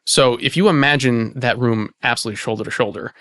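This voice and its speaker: A man, an archivist hosting the conversation, explaining in a relaxed way with lots of "you know" fillers. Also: mid-range voice, fast talker, dry recording, clean studio sound. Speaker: archivist and host. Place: indoor archive space.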